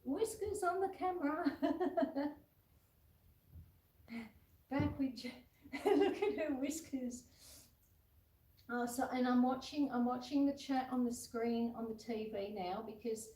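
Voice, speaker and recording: A woman's voice: a little high, unhurried, mellow. A woman hosting a homestead livestream. She chats casually, reads viewer comments aloud and coos at the puppy on her lap. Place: indoors at home, seated with a puppy on her lap. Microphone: phone camera set far back. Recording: roomy and distant from the camera.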